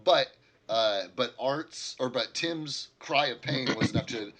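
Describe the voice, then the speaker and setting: Game master man, easygoing narration, crisp bright tone, mid pitch. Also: a little slow. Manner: casual, loose, many fillers.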